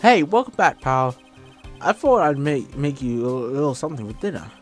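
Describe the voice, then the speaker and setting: A man voicing an eager, goofy male police detective in a game, talking loud and excitable. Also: mid-range voice, moderate pace, soft background music, natural voice. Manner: loud, excitable, keeps saying "pal".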